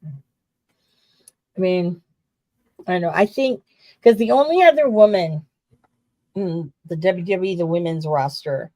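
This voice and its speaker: A woman co-hosting a casual wrestling talk show, rambling and animated, swearing now and then. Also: on the low side, takes it slowly, pauses often, no room sound. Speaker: podcast co-host.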